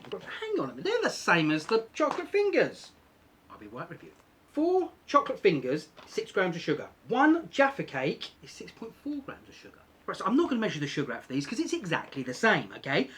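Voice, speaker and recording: A man's voice: high-pitched, big pitch swings, brisk, fairly bright tone, a little hiss or hum. A man talking casually in a vlog, chatty and self-deprecating, repeating points for emphasis. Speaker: vlogger.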